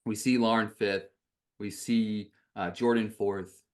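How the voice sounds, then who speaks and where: A podcast host who gushes excitedly in casual interview chat, with lots of "like" and "you know". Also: medium pitch, takes it slowly.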